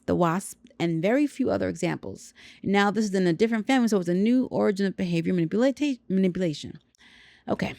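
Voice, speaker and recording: A woman's voice: medium pitch, darkish tone, no room sound. A woman hosting a podcast, reading a science news story aloud and breaking off with dry, sarcastic asides. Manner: sarcastic, wry commentary. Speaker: podcast host.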